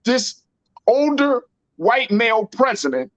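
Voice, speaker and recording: A man's voice: very high-pitched, big pitch swings, slow, no room sound. A man hosting a political talk show, speaking in an emphatic, slangy and repetitive way. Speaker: host.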